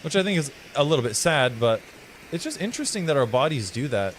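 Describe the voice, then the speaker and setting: A man with a mild, flattened American Southern accent, rambling, swearing and musing playfully while he streams a game. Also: medium pitch, fast, slight background noise, rough recording. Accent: mild American Southern, partly flattened. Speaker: live streamer. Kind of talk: casual gameplay commentary.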